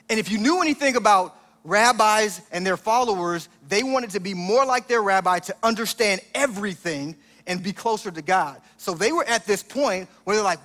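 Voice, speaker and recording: High-voiced preacher in an echoing hall. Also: male voice, expressive, fairly quick, fairly bright tone. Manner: conversational preaching, acts out quoted lines. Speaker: pastor. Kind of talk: sermon.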